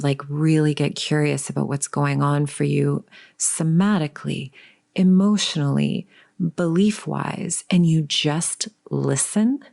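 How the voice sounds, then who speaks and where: A woman in her forties hosting a reflective solo podcast as a coach, talking gently and unhurriedly, sometimes dropping to a soft whisper. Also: deep voice, creaky.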